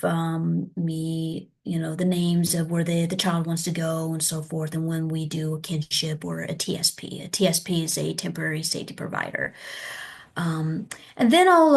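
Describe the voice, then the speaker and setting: An American woman speaks casually about her work as a child abuse investigator. Her voice sits a little low. She talks conversationally and slips into a gentle, apologetic phone tone when she demonstrates calls to parents. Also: creaky. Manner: conversational, acts out phone calls in a soft, polite tone. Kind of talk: casual interview answers.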